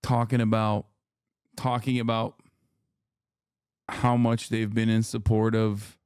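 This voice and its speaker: A man hosting a livestream, reacting to clips with blunt, profane, rapid-fire ranting. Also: on the low side, level tone, darkish tone, clean tone, no echo, studio quality. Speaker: livestream host. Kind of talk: streamer commentary.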